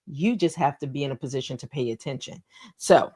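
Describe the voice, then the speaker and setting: A woman's voice: rumbling low, fairly quick, dark tone, slightly rough. A woman hosting a motivational talk. She is encouraging, repeats key phrases and asks listeners questions. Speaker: host.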